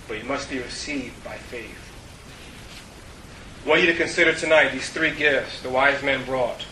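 A man preaching an earnest sermon to his congregation, telling stories and dropping to a hush for the key points. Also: mid-range voice. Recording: roomy, distant mic with faint hiss.

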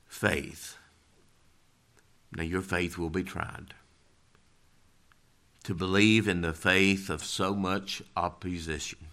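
A male pastor preaching a sermon, emphatic, swinging from loud declarations to low, quiet lines. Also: fairly even intonation, slow pace, long pauses.

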